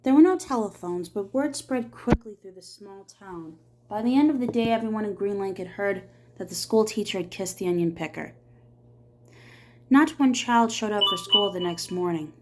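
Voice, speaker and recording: A woman reading a novel aloud as an audiobook reader, in a steady storytelling manner. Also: medium pitch, normal speed.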